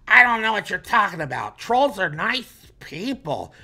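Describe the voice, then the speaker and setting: A smug male internet troll, put on by a man in a raised, falsely sweet voice. He sounds sarcastic and mock-innocent, as if he had never been rude in his life. The voice sits far above the performer's usual pitch. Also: big pitch swings, a little slow, bright, forceful tone, full character voice.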